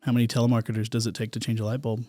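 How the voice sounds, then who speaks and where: A Texan man, a guest on a podcast, chatting in a quick, easygoing way. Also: mid-range voice, level tone, mellow, dry recording, clean studio sound. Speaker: podcast guest, real estate agent. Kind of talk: casual interview chat.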